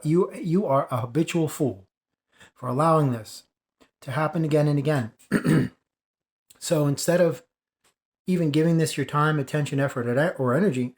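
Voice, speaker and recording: A spiritual video creator with a mid-range, darkish voice delivers an impassioned monologue. Preachy and emphatic, he drives his points home by repeating phrases.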